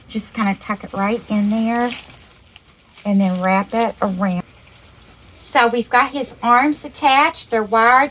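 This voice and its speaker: A woman's voice: mid-range voice, rough recording. A woman giving a step-by-step craft demonstration, chatty and upbeat as she works through each step. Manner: chatty, upbeat, calls things cute. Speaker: craft instructor.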